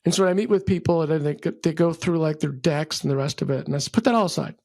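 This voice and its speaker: A middle-aged man speaks as a guest on an interview show, laying out his views with a gravelly edge to his voice. The sound is dry and close, with no room around it. He is opinionated and drifts into ranting. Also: a little high, fast, dry recording. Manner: animated storyteller, acts out quotes, ranty. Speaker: venture capital partner, guest. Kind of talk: conversational interview, opinionated explaining.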